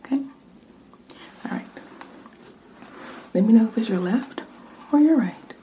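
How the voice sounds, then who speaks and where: A woman in a whispered role-play, acting as an examiner who gives a hearing test and whispers words softly into each ear. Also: on the high side, expressive, slight background noise, low-quality recording. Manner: soft, slow and soothing, whispering word lists into each ear.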